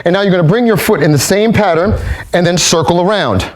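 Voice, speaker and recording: This man speaks fast in a high-pitched voice as he teaches kung fu movement drills. He demonstrates while explaining steps calmly and calling out counts sharply.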